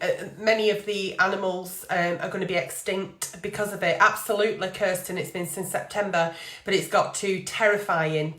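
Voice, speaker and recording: A woman's voice: lowish voice, fairly bright tone, roomy sound. A middle-aged woman hosting a live stream from home, talking casually and emotionally with many fillers.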